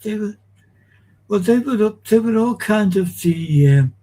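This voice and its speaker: A man's voice: high-pitched, animated, measured pace, warm tone, rough recording. A man, a guest on a chat show, reminiscing in a rambling, digressive way with many restarts.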